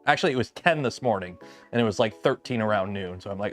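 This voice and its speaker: Livestreaming from his garage workshop, a man who lives south of Detroit builds a 3D printer while chatting loosely, full of ums and restarts. His fairly low voice is expressive and quick, with faint music behind him.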